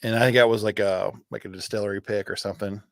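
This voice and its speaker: Male co-host, relaxed chat, halting recall, dry close mic. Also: fairly low pitch, gravelly, no room sound. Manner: halting, restarts often while recalling details. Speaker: podcast co-host. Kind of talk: casual bourbon chat.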